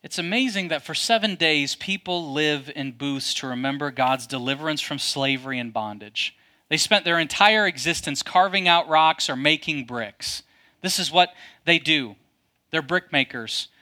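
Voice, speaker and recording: A man preaching with a bright, forceful voice that sits a little high. He moves from lively, punchy stretches to slow, quiet passages that drop almost to a murmur. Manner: dynamic preaching, swinging from loud to hushed. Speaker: pastor. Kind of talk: sermon.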